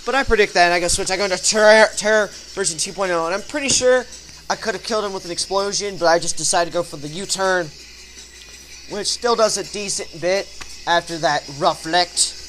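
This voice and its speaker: A young man giving excitable, slangy commentary over a recorded game battle, yelping his reactions. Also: sits high, brisk, a little hiss or hum. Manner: excitable, yelps reactions and swears. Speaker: gaming channel host. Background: faint metal music.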